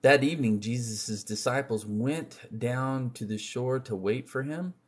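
A man reading scripture aloud in an unhurried, measured way, with occasional slips and restarts. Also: mid-range voice, husky. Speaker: scripture reader.

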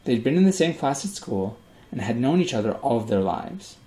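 A man reading a children's story aloud in measured, expressive scripted narration. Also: medium pitch. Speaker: audiobook reader.

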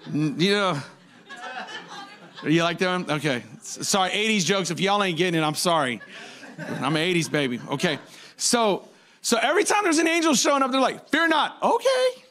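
A man in his forties preaching a sermon as a pastor, telling jokey stories with sudden high-pitched outbursts. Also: lively intonation, moderate pace, fairly bright tone.

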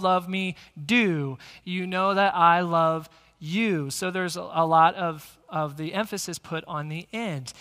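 Bright-voiced pastor preaching in a hall. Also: male voice, high-pitched. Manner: energetic, engaging the congregation directly. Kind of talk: sermon. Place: church sanctuary. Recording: long church hall reverb.

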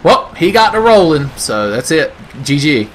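A sarcastic man rants through his gameplay commentary, swearing constantly and slipping into silly voices. His voice sits a bit high for a man, and a faint hum of ambience lingers behind him. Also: very animated, a little slow. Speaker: gaming video host. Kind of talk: profane comedic Let's Play commentary.

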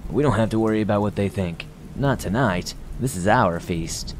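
A man's voice: fairly low pitch, normal speed, a little hiss or hum, lightly acted. A man voicing a sinister, falsely sweet male stuffed toy rabbit with a wheezing sing-song menace in a horror story.

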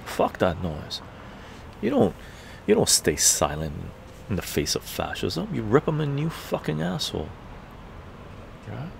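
A man's voice: medium pitch, big pitch swings, measured pace, gravelly, pauses often, slight background noise. A man telling a story in a heated, profane live-stream rant. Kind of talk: ranting live-stream monologue.

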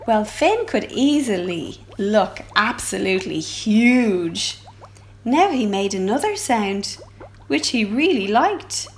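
Woman reading a picture book aloud, slow and expressive, high lively voice, library storytime. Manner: expressive, sound effects.

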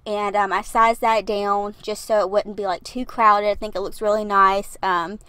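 A woman's voice: medium pitch, little pitch movement, moderate pace, bright, forceful tone, smooth, no room sound. A young woman, chatting breathlessly in a rambling, laughing voiceover, recorded in her parked car. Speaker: YouTuber narrating a build video. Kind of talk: casual voiceover.

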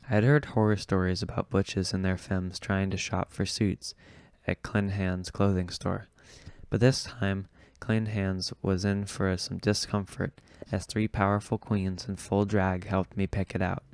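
A man reading an audiobook chapter aloud in a steady, unhurried way. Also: sits low, clear, resonant tone, dry recording. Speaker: audiobook reader. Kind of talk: audiobook narration.

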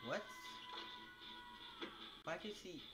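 A young man giving casual gameplay commentary, talking to himself with animated, incredulous outbursts. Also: drawn-out words, over loud music. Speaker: gaming video creator. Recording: loud game sound underneath.

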